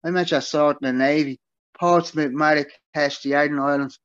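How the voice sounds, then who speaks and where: A man reading aloud and voicing a rough, twitchy, boozy older uncle who lives rough in Dublin. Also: a little high, fairly even intonation, normal speed, a bit bright, no echo, dull audio, natural voice.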